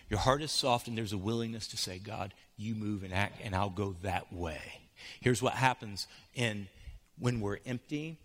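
A man's voice: lowish voice, husky. Impassioned man preaching in reverberant church. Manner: swings from soft and hushed to loud and urgent. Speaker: pastor. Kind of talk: sermon. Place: church sanctuary.

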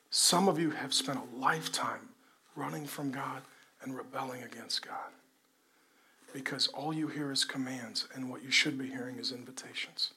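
A middle-aged male pastor preaching a sermon to a congregation, swinging between loud delivery and hushed, intimate talk. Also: medium pitch, normal speed, husky. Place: church before a congregation.

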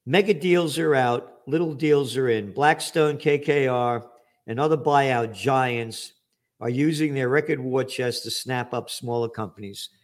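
A man's voice: medium pitch, measured pace. An older man hosting an angry, profane commentary monologue, ranting sarcastically about the economy. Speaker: trend forecaster host.

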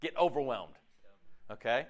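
A man leading a faith-based group discussion, animated and preachy, who keeps checking in with rhetorical questions. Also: medium pitch, measured pace. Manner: animated, peppered with rhetorical "okay?". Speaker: discussion leader.

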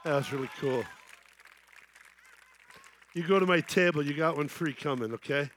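A middle-aged man giving an evangelistic sermon on a festival main stage, telling a story that builds to excited shouting. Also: fairly high pitch, moderate pace, some chatter behind. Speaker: festival speaker.

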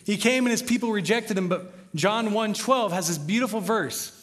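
A man's voice: high voice, moderate pace. Man preaching in a reverberant hall. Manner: conversational, swings between loud emphasis and soft quiet lines. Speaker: pastor. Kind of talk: sermon. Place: large church sanctuary.

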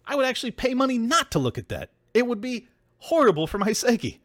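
Male podcast host: lively, swooping pitch, sarcastic and profane rant, dry close recording. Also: brisk, no room sound. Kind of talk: ranting political commentary.

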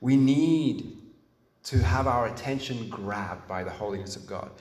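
Earnest low-voiced preacher in an echoey room. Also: male voice. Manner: earnest, emphatic, with frequent restarts and pauses. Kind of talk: sermon. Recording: echoey room, mic at a distance.

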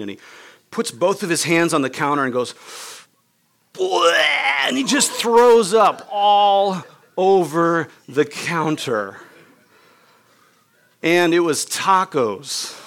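Here a pastor speaks in a medium-pitched, fairly bright voice while preaching. He relates a personal experience in an easygoing way, acting out its characters, with frequent "like" and "right?" asides.

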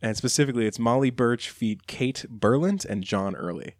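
A man's voice: mid-range voice, normal speed, no room sound. Guy gushing about songs on a podcast, chatty and a bit campy, dry close sound. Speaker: podcast co-host. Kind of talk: casual chat.

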